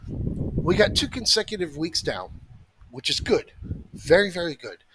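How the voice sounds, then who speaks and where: A man's voice: a little high, big pitch swings, a little slow, background noise. A man giving a blunt, profane, emphatic talk on options trading and market analysis, repeating his points for emphasis.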